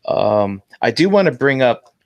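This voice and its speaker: A man with a gravelly, fry-heavy voice telling a story on a casual podcast. He talks in a loose, animated way and acts out other people's lines. He swears freely and keeps his pitch in the middle range. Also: unhurried, no echo. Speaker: podcast co-host, toy vendor.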